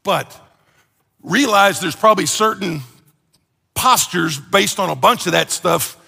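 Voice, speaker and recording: A man preaching a conversational sermon as pastor, animated and joking, acting out everyday complaints. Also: high voice, unhurried, vocal fry, slightly rough, long reverb tail.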